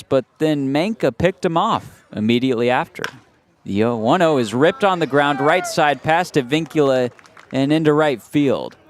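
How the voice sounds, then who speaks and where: A man doing radio play-by-play of a baseball game, calm and steady, rising to excited shouts on big plays. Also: medium pitch. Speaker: play-by-play announcer.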